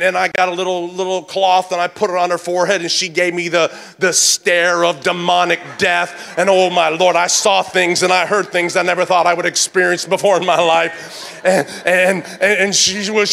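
A man in his sixties preaching a sermon, mixing comic storytelling with animated calls to the congregation. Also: high voice, creaky. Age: 60s. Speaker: pastor.

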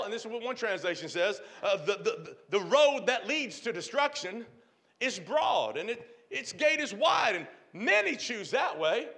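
A man pastor preaching a sermon with call-and-response, swinging from shouted lines to hushed ones. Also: very high-pitched.

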